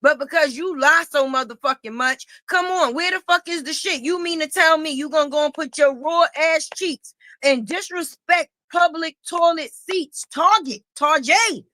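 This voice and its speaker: A high-pitched, bright-toned middle-aged woman lays into her target in a profane livestream rant. She taunts and repeats herself, close to the mic in a dry room. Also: normal speed, no echo. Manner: confrontational, repetitive taunting. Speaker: livestream commentator.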